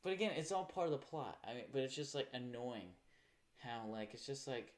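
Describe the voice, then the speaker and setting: A man's voice: on the high side, big pitch swings, moderate pace, a little mellow. A man chatting casually on a livestream in a profane, rambling rant. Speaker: live streamer.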